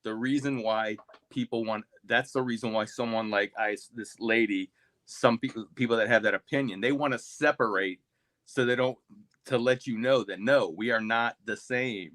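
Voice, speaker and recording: A man's voice: medium pitch, moderate pace, fairly bright tone, dry recording. Man arguing a point, dry close sound. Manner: hesitant, restarts often, then argues firmly. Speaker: panel guest. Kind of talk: casual panel discussion.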